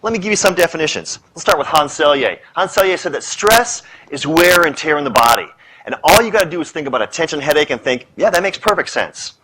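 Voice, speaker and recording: A middle-aged man giving a public lecture on stress, an animated storyteller who rattles off punchy lists and playful asides. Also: fairly high pitch, fast talker, noisy background. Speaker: speaker on stress. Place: lecture hall with audience.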